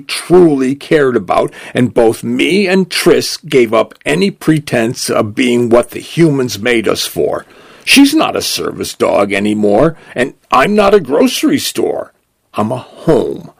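A man voicing a cheerful, once-fussy robot grocery store that has taken in a dog, in a bright, fond manner. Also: mid-range voice, gravelly, no echo, heavily acted.

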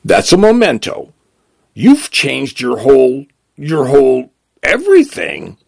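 A man voicing a robot delivery vehicle that is startled and fussy, speaking in quick exclamations. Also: medium pitch, huge pitch swings, gravelly, a little mellow, breathy edge, heavily acted. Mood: aghast. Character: flustered robot delivery vehicle, male-sounding.

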